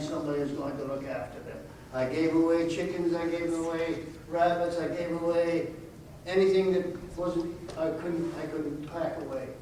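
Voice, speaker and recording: A man's voice: fairly high pitch, warm tone. A man in his eighties giving an earnest storytelling talk to a college audience, pressing his point with repeated rhetorical questions. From United States. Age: 80s. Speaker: guest speaker. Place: college auditorium. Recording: echoey hall from far off, faint noise.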